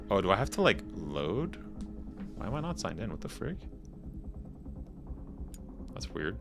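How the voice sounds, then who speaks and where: A man's voice: lowish voice, very animated, normal speed, gravelly, pauses often, music in the background. A young man chatting casually with viewers on a game stream, laughing often and tossing in slangy asides. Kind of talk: casual live-stream chat.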